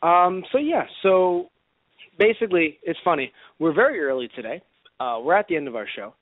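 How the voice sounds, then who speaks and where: A man's voice: a little high, moderate pace, no echo. A man co-hosting a live radio show, chatting casually and animatedly. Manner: animated, enthusiastic rambling. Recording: tinny phone-like sound, dry.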